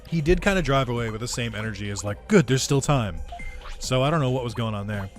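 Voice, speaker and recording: A man's voice: mid-range voice, quick pace. Man telling a story over faint music. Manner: animated, swearing, laughing, acting out quotes. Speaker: gaming video creator. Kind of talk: casual storytelling over gameplay.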